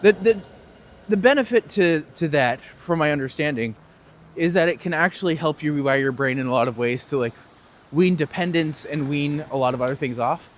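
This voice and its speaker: A man's voice: a little high, a little fast, a little hiss or hum. Joking man on a walking tour. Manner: casual, joking, reads out and answers chat questions. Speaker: tour guide. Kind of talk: live-streamed walking tour chat. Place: outdoors on cold city streets.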